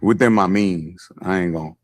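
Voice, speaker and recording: A man's voice: sits low, normal speed. A man talking casually and bluntly in a played interview clip, in a laid-back drawl.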